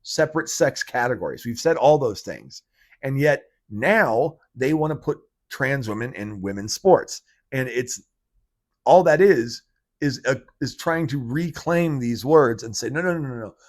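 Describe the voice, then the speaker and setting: A man hosting his own political commentary vlog, talking in an animated rant that is full of fillers and restarts. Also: mid-range voice, a little slow. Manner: animated ranting, heavy fillers. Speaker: channel host.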